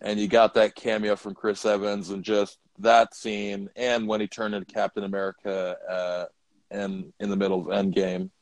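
A man with a fairly low voice co-hosts a casual podcast. He is blunt and joking, dropping swear words offhand. The sound is dry and close, with no room around it. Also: flat delivery, moderate pace, no echo, poor audio. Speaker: podcast co-host. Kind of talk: casual chat.

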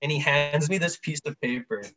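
A young man from Canada, a podcast guest telling lively travel stories and acting out the people he met. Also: on the high side, brisk. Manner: animated storyteller, acts out quoted people. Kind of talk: casual chat.

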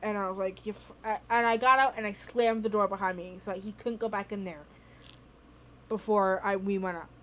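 A young woman at a middle pitch tells a story on her podcast in loose, casual chat, animated, cursing and breaking into laughs. She talks from her bedroom at home. A faint background noise sits under her voice. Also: brisk. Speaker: podcast host.

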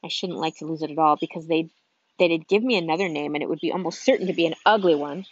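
A woman's voice: low voice, fast talker, muffled recording. A woman voicing a curious little girl who rambles thoughtfully to herself, a bit timid. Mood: musing. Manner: musing, thoughtful, slightly timid.

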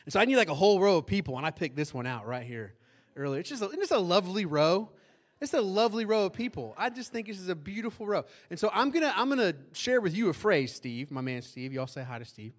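A male pastor preaching a sermon in a church, animated and often asking the congregation questions. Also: sits high, quick pace. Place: church sanctuary.

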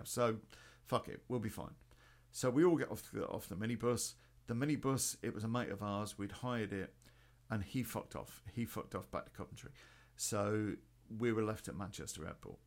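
A man's voice: fairly low pitch, vocal fry. A man telling a rambling personal story in a casual, sweary way, full of ums and restarts. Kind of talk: casual spoken anecdote.

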